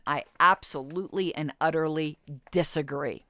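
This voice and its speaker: Dry-sounding woman in her fifties, lively. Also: on the low side, measured pace, no room sound. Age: 50s. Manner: reads quotes then argues back with blunt disagreement. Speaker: podcast host. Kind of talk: reading an interview aloud and commenting.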